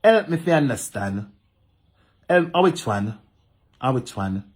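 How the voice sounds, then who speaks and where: Animated Jamaican man ranting in patois. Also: mid-range voice, a little slow. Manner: animated, repetitive, speaks in patois, talks back to commenters. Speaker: social media vlogger. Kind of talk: casual ranting monologue to camera.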